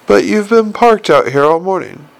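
A restless young swindler, voiced by a male audiobook narrator protests in a raised, agitated voice. He sounds defensive and exasperated. A gravelly edge runs under the lines. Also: sits high, lively intonation, normal speed. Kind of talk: audiobook character reading.

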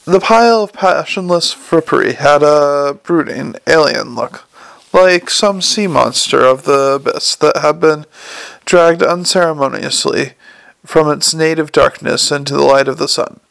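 Gravelly male audiobook narrator. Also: a little high, measured pace, a bit bright, no room sound.

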